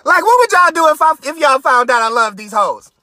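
Guy with a real high voice going off on a profane mocking rant live from his car. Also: big pitch swings, fairly quick, no room sound. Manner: profane, mocking, shifts into shouting. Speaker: podcast host. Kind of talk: ranting live stream.

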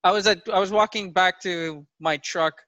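Bright-voiced ranting comedian man. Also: high voice, steady tone, moderate pace, dry recording. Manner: angry ranting storyteller. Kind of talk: casual podcast banter.

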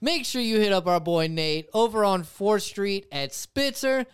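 Laid-back man, smooth, teasing. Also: sits high, animated, unhurried. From Ohio. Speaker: podcast co-host. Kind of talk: casual chat.

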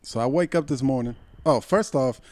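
A man's voice: medium pitch, normal speed, no echo. Podcast co-host, young man from Puerto Rico, heated storyteller, dry close sound. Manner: heated, animated, profane storytelling. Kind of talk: casual storytelling chat.

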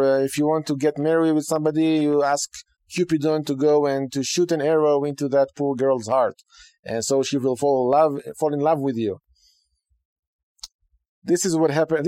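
A fairly high-pitched male voice with no room sound belongs to a podcast host teaching Judaism. His dry, casual teaching style is animated and conversational, with many "okay" and "right" asides.

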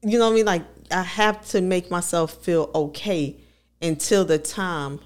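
Woman, podcast co-host, candid, laughs often, low voice. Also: fairly even intonation, moderate pace. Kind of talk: casual conversational podcast.

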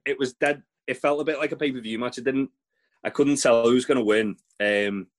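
A man's voice: mid-range voice, steady tone, fairly quick. A man, co-hosting a podcast, recapping wrestling in a rambling, sweary casual chat. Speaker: podcast co-host.

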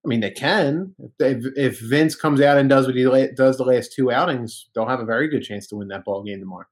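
A man's voice: mid-range voice, fairly quick. A man co-hosting a casual sports podcast, talking in an opinionated, conversational way with frequent fillers. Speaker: podcast co-host.

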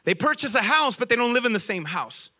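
A man delivering a sermon in a high, bright voice. He preaches with lively energy, climbing on rhetorical questions and then dropping to a hushed, low finish for his key points. He keeps speaking directly to his listeners. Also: a little fast. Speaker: pastor.

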